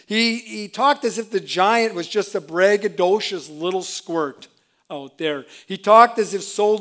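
A man preaching a sermon with fervent delivery, moving between loud exclamations and quiet, self-deprecating asides. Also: high voice. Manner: self-deprecating, with laughs and restarts.

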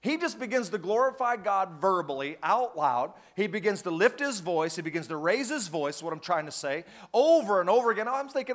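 A man preaching a sermon, telling a story and rising to loud, fervent bursts. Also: high-pitched, sing-song, normal speed, few pauses.

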